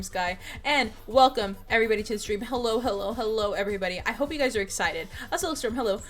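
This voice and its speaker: A woman hosting a live stream in casual chat, hyper and excitable, meowing playfully at her chat. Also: on the high side, brisk, faint music behind. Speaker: streamer host.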